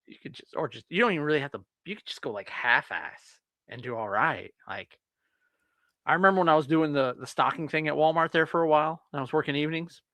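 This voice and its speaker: A man with a bright, forceful voice, pitched a little high, trades teasing jokes in casual chat over beers. The recording is dry and close. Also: fast, dry recording. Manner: joking, teasing banter. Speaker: podcast co-host.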